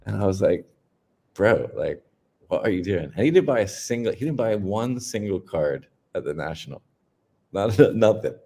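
A man's voice: sits low, very animated, moderate pace, mellow, husky. A man co-hosting a casual podcast chat, telling funny stories in a laid-back, joking way. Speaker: podcast co-host.

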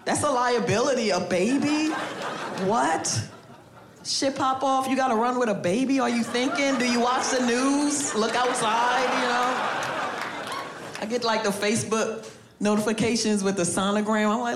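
A woman's voice: medium pitch, normal speed. Profane stand-up woman in an echoey club. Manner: profane, incredulous, laughing through punchlines. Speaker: stand-up comedian. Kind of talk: stand-up set. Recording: echoey live room with noise.

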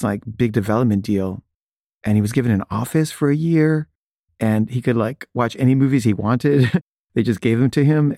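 A man's voice: on the low side, mellow, no room sound, clean studio sound. A man who makes films casually tells a self-deprecating anecdote and livens up when he quotes other people. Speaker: filmmaker telling an anecdote. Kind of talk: casual storytelling.

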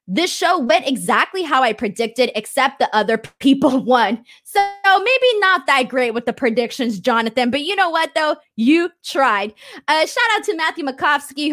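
A woman's voice: high-pitched, fairly bright tone. A young woman hosting a livestream, reading viewer messages aloud and giving her opinions in a chatty way with frequent fillers. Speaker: wrestling show host reading viewer chat. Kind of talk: casual livestream chat.

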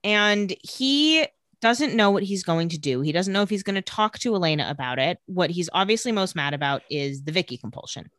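Young woman gushing thru a tv recap, kinda low voice, dry close mic. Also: fairly quick, no echo. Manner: animated, giggly, acts out quotes lightly. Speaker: podcast co-host recapping a TV episode. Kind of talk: casual chat, retelling scenes.

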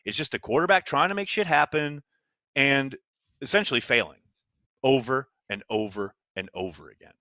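Man, casual sports chat, animated, bright voice, dry close sound. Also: mid-range voice, moderate pace, no room sound. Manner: animated, emphatic, exclamations. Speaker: podcast co-host.

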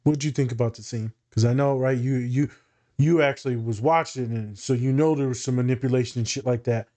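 A man in casual podcast conversation, with a mid-pitched voice that he jumps high and animated when telling stories. His talk is loose and profane and breaks into laughter often. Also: a little fast. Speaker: co-host.

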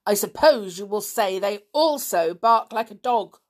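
A woman voicing a bad-tempered, stern middle-aged man who snaps his words out loudly and slowly in a husky voice. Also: mid-range voice, animated, voice pushed up. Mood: angry. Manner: snapping, raised and slow.

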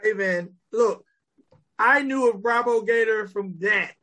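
A man's voice: high voice, unhurried, sharp tone. A man hosting a casual podcast interview, joking and teasing his guest. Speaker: podcast host.

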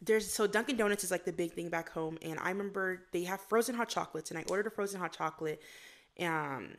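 A young woman from Florida chatting as a podcast guest. She talks in a lively, animated way and slips into acted-out quotes as she tells her stories. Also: lowish voice, fast talker. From Florida, USA. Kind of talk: casual interview chat.

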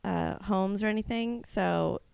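A woman's voice: mid-range voice, unhurried, gravelly, clean tone, dry recording. A woman comedian in her thirties, chatting casually on a podcast and telling stories with lots of laughter. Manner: animated storyteller, laughs often. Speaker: guest comedian.

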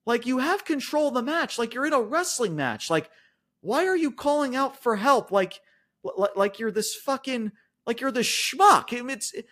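A man's voice: very high-pitched, lively intonation, moderate pace, pushed and bright. A man co-hosting a wrestling podcast, ranting in casual, profane chat, with lots of "like" and restarts. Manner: frequent fillers and restarts like "like".

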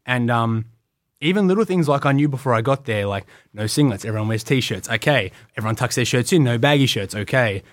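A man's voice: mid-range voice, animated, brisk, no room sound, studio quality. A man with an Australian accent, telling his story as an interview guest in a rambling way, full of "like.". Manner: rambling, many "like" fillers. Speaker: guest, wrestling tryout athlete.

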